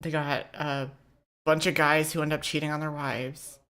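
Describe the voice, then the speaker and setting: A woman's voice: sits low, flat delivery, normal speed, a bit bright, clear, resonant tone. A woman from the United States co-hosting a podcast in casual, profane, joking chat. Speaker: podcast co-host.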